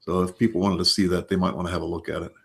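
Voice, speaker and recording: A man's voice: sits low, very fast, creaky. Older male therapist explaining emphatically. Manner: explains with anecdotes, emphatic and lively. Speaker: guest therapist. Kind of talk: casual interview chat.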